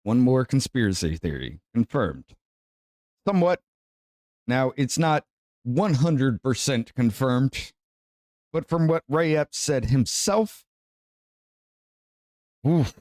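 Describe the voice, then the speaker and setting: A man's voice: medium pitch, big pitch swings, slow pace, long pauses, darkish tone, dry recording, clean studio sound. A man hosting a podcast, talking in a chatty, casual commentary tone. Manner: chatty and conversational, says y'all. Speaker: podcast host.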